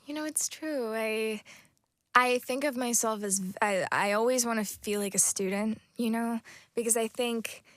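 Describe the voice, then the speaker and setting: A young American woman in her twenties, an actress answering interview questions in a soft, thoughtful way with many pauses and restarts. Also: a little high, dry recording, studio quality. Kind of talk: casual interview chat.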